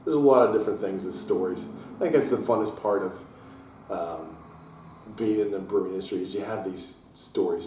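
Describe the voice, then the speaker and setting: A man with a low, mellow voice tells his stories with energy and acts out the people he quotes. He sits a little back from the mic in a very echoey taproom, and a faint hiss runs underneath. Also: recorded from a distance. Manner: animated storyteller, acts out quotes in a raised voice. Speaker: brewery owner and head brewer. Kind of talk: casual storytelling interview. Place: inside his brewery taproom.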